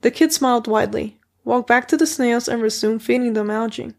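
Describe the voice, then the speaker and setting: A woman reading a children's story as an audiobook in a steady first-person narration. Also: a little high, fairly quick, creaky. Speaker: audiobook reader.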